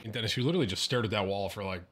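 A man's voice: lowish voice, very fast, very noisy. A man streaming a shooter game, bantering and cursing with teammates. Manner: animated, profane banter with teammates. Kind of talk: casual gaming chat. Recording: loud game gunfire behind. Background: game gunfire.

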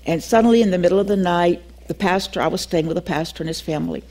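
Older woman telling a lively testimony. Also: lowish voice, fast, slight background noise. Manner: animated storytelling, acts out dialogue, laughs often. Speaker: Bible teacher. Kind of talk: teaching class with personal testimony.

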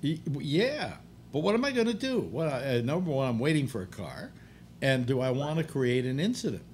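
A man's voice: medium pitch, big pitch swings, a little fast, a little mellow, a little hiss or hum. An older man hosting a talk show, rambling bluntly and grumbling through restarts. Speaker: radio talk show host. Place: apartment.

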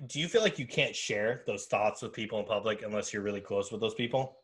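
A young man from the Midwest hosting a podcast in casual chat, loose and quick to swear. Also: on the low side, fairly bright tone, breathy edge. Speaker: podcast host.

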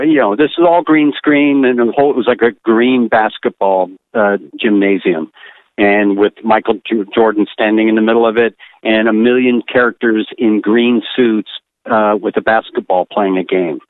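A man's voice: on the low side, normal speed, no echo. An older man, an animator, telling a candid story bluntly and acting out what others said. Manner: blunt, animated, acts out quotes. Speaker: animator guest. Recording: tinny phone-like line.

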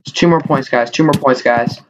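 A young man talks over his own gameplay in a middle-pitched voice, quick to exclaim and quick to mock himself. The recording is noisy, with mouse clicks heard behind him. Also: highs cut off. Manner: excitable, self-mocking, exclaims often. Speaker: gaming YouTuber. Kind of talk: live gameplay commentary.

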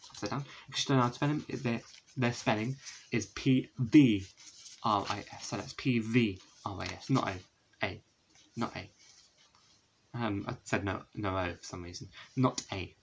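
A man's voice: lowish voice, normal speed, gravelly, slight background noise, rough recording. A young man chatting casually at home as he shows his CD collection, rambling with many fillers and self-corrections. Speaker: vlogger. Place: indoors, a room at home with a window.

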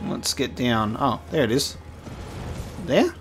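A man's voice: medium pitch, lively intonation, slow, background noise. A man chatting playfully as he commentates a video game he is playing for the first time. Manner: chatty, playful, laughing asides. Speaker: gaming streamer. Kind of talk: let's-play commentary.

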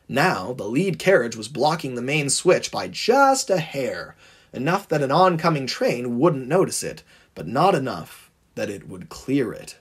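A man narrating a fan audiobook in an expressive, dramatic storytelling voice. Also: mid-range voice, husky.

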